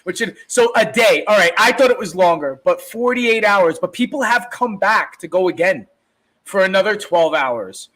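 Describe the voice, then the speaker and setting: A man with a high voice co-hosts a podcast in loose, profane chat. He rambles from point to point and swears freely. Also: moderate pace, poor audio. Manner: rambling, animated, swears a lot. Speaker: podcast co-host.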